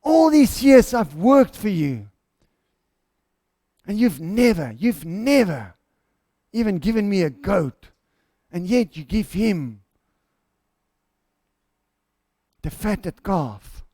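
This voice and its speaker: Picture a bitter older brother, loud and indignant as he lists everything he has done, his voice pitched very high for a man. A preacher puts him on in the middle of a sermon. The sound is close and dry, with no room echo. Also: sing-song, slow, long pauses, heavily acted. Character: resentful hardworking older brother, young man.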